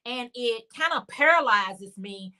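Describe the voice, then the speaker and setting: A woman hosts a relaxed crafting livestream, talking freely and reading out viewers' comments as she goes. Her voice sits a little high and sounds bright and forward. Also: measured pace. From Chicago area. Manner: chatty, reads out and answers viewer comments. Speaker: livestream host. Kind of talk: casual crochet livestream chat.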